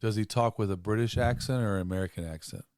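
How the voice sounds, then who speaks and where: Low-voiced joking male co-host. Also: fast, a little mellow, no echo, studio quality. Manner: joking, teasing banter. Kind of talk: casual chat.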